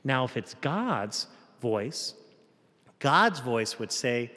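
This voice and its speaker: A man's voice: mid-range voice, sing-song, drawn-out words, pushed and bright, in a large hall. A man, a Catholic priest, giving a conversational homily at Mass and acting out quoted voices with changes of tone. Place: church.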